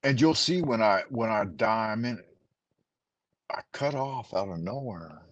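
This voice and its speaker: A man's voice: lowish voice, animated, measured pace, no room sound, highs cut off. A man hosting a casual chat, giving a profane, rambling pep talk over a remote call. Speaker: host.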